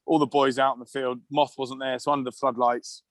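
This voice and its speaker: A man's voice: medium pitch, flat delivery, fairly quick, no echo. A middle-aged man, a former rugby player, telling long anecdotes in casual chat with restarts and laughs.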